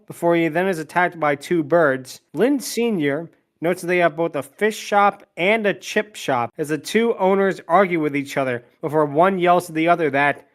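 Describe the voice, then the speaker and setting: High-voiced man recapping a movie plot. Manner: quick plot recap, dry asides, voices quotes. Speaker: podcast host recapping a film. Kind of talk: recap narration with jokes.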